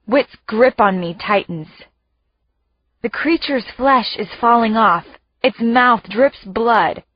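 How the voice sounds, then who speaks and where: A woman narrating an audiobook in the first person with tense, hushed storytelling. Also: a little high, slow, muffled recording.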